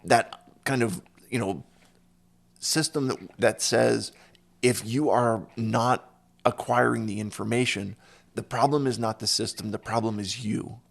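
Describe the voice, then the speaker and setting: With a lowish, vocal-fry voice and an unhurried pace, this man hosts a relaxed podcast chat. He recounts personal stories and brings them alive by performing the other people's lines in animated voices.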